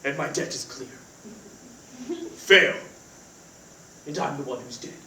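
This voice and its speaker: A young man putting on a gruff deadpan assassin voice. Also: slow, full character voice. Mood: cold menacing. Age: young adult. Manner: low clipped deadpan menace. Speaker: student actor. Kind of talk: live stage reading. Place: theater stage. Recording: echoey theater from far off, faint noise.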